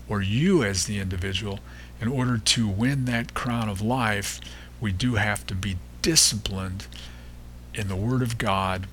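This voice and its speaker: A man hosting a devotional podcast, reading and explaining Bible verses in an unhurried way, pausing often and stressing repeated words. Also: lowish voice, fairly bright tone, a little hiss or hum. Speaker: podcast host teaching the Bible.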